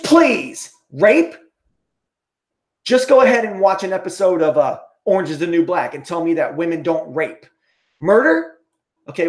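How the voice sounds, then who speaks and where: A man livestreaming an angry, profane rant, ending most points with "okay?". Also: fairly high pitch.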